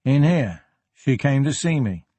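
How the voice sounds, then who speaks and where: A man voicing a quiet, reflective police detective in an audiobook, speaking in a measured way. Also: mid-range voice, expressive, dry recording. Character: thoughtful male police detective inspector.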